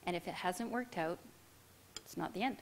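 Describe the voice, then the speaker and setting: A woman's voice: lowish voice, moderate pace. A middle-aged woman giving a speech, telling a personal story to an audience in a candid, self-deprecating way. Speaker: keynote speaker.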